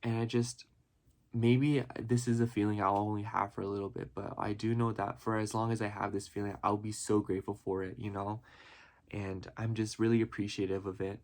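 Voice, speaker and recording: A man vlogs casually and reflectively about his life in a fairly low, darkish voice with flat delivery, speaking a little fast. He's earnest and rambling, full of "you know" and "like", and at times becomes emotional, near tears.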